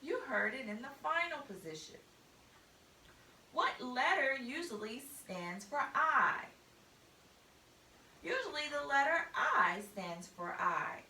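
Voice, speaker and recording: A woman teacher walks children through a phonics lesson at a slow, careful pace, stretching and repeating each sound. Her voice sits slightly high and bright. She stands back from the mic in an echoey room with a faint hiss behind her. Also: sing-song, distant mic.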